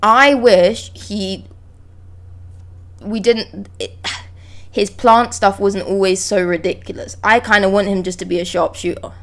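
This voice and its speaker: A woman's voice: mid-range voice, steady tone, measured pace, fairly bright tone. Blunt, chatty woman streamer. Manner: chatty and blunt, swears freely, reads panels aloud. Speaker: streamer reacting to manga. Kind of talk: casual live reaction chat. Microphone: close desk mic.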